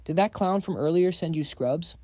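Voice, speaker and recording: A man's voice: a little high, moderate pace, warm tone, dry recording, clean studio sound, close to an everyday voice. A man voicing a cocky, cold young male hero who taunts his enemies in a recap story. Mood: smug. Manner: smug, taunting.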